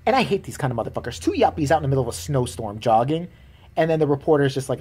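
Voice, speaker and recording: A vlogger rants to camera in a loose, unscripted way, swearing freely and breaking into laughter. The pitch jumps around a lot. The delivery is loose and animated throughout. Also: racing, breathy edge. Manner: animated, profane, laughs often. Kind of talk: casual rant to camera.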